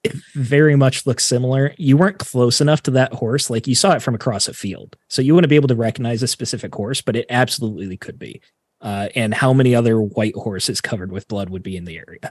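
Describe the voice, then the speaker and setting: Relaxed chatty man running a tabletop game. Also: medium pitch, fast talker, slightly rough, no echo. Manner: relaxed, chatty, filler-heavy. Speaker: game master.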